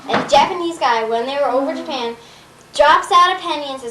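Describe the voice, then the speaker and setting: A woman telling a long joke in a rambling, halting way, with many fillers. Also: sits high, fairly bright tone, slight background noise. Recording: roomy, distant home video recording.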